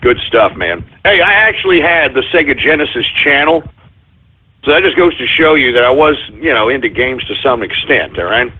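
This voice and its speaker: A man hosting a comedic call-in radio show, ranting frantically, swearing and shouting apologies over and over. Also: medium pitch, lively intonation, normal speed, husky. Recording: tinny phone-like audio.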